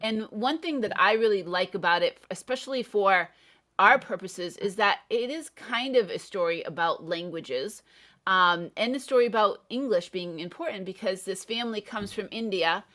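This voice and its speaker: A woman's voice: medium pitch, normal speed, pushed and bright. A woman English tutor talking through a film in a thoughtful, explaining way. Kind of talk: casual chat about a film.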